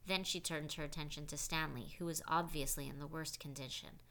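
A woman reading an audiobook with a low, bright voice. Steady, clear storytelling. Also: brisk, few pauses. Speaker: audiobook narrator. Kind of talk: scripted audiobook narration.

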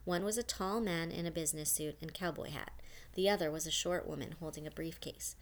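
A woman reads a novel aloud in a steady, even narration. Her voice sits a little lower than most women's. She trips over a word now and then and restarts without fuss. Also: a little fast. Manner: steady reading with small restarts. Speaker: audiobook narrator.

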